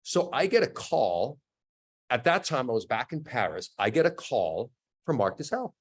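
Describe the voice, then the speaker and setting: A man in his fifties, an action actor guest, telling stories in a lively way, acting out sound effects and often laughing as he talks. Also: medium pitch, moderate pace, slightly rough. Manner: animated storyteller acting out quotes and sound effects. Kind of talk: casual storytelling interview.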